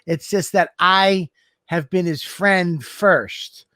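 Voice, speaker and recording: A man co-hosting a podcast in casual chat, excitable and self-mocking, swearing often. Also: high-pitched, takes it slowly, dry recording, studio quality. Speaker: podcast co-host.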